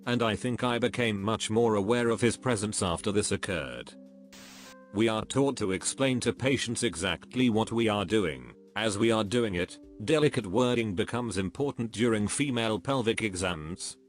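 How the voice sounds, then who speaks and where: A man narrating a series of reader-submitted stories in a steady, even, scripted reading. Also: on the low side, moderate pace. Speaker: narrator reading online posts. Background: faint background music.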